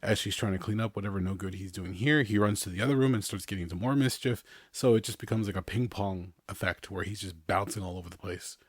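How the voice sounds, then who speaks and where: A podcast host in his thirties rambles through easygoing casual chat in a fairly low, husky voice. He talks fast with few pauses and chuckles often between remarks. The sound is close and dry, with no room sound.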